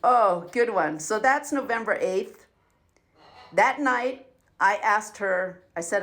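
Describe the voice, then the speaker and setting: A woman's voice: mid-range voice, expressive, slow pace, a bit bright. A middle-aged woman venting in a personal video diary, profane and sarcastic as she rants. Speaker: vlogger. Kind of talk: angry personal venting monologue. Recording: faint background noise and clicks.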